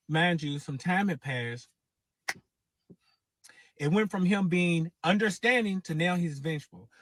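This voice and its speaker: A man's voice: sits high, no echo. Host, male, casual storyteller: profane, rambling, repeats himself, recorded dry and close.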